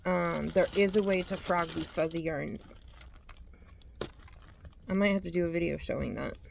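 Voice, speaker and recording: A woman's voice: fairly low pitch, moderate pace, vocal fry, background noise. A woman hosting a yarn vlog, chatting casually as she reads out yarn labels and corrects herself as she goes. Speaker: yarn channel host. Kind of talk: casual show-and-tell vlog.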